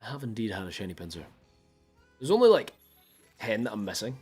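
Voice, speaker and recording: Young male streamer, casual and theatrical, swings his pitch all over while chatting to viewers. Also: a little fast, slightly rough, faint music behind. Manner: animated, mock-mopey, chatting with viewers. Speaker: game streamer. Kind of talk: casual live-stream chat.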